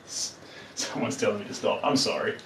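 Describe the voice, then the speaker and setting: A man's voice: on the low side, fairly even intonation, fairly quick, creaky, fairly bright tone, echoey room, far from the mic, a little hiss or hum, low-quality recording. A man with a New Zealand accent chatting playfully with viewers as he paints on a live stream. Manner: chatty, playful, talks to viewers while working.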